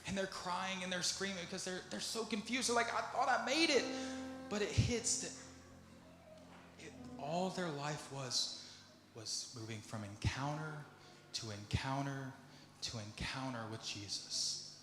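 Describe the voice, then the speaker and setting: A man preaching a sermon, moving from soft, low musing to loud, pleading questions. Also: unhurried. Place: church sanctuary. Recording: echoey church hall with music behind. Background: instrumental music.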